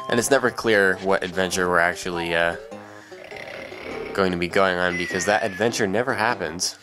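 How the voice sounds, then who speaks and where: A man's voice: sits low, fairly even intonation, brisk. A young man casually commentating a video game, rambling and joking with lots of fillers. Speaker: let's play commentator. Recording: game music loud behind. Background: game music.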